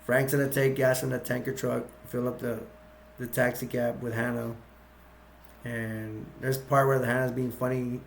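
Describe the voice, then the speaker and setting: A man casually retelling a film's plot, halting and full of fillers. His voice is gravelly and flat, with little rise or fall. A faint hum sits behind him. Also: medium pitch. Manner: rambling, filler-heavy, halting. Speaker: movie recap youtuber.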